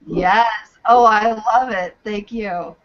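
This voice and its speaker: A woman teaching yoga teacher trainees over a video call, giving clear, deliberate instructions. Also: medium pitch, lo-fi sound. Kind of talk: live online teacher training.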